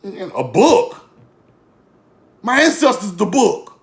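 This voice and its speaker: A man holds forth to his online audience in a high-pitched voice with a rough, gravelly edge. He is blunt and profane, mocks the people he is talking about, and circles back to the same lines again and again. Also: big pitch swings, slow pace. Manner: blunt, profane, mocking, repetitive. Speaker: online commentator. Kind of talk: casual rant to camera.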